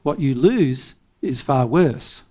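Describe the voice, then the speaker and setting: A man's voice: medium pitch, lively intonation, takes it slowly, dark tone. A man giving a spiritual seminar talk in an emphatic way, firing off rhetorical questions and chuckling to himself. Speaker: spiritual teacher.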